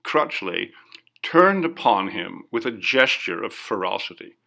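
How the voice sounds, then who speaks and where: Slow gravelly male storyteller. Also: fairly low pitch, sing-song, pushed and bright. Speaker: audiobook narrator. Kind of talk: scripted narration of a ghost story.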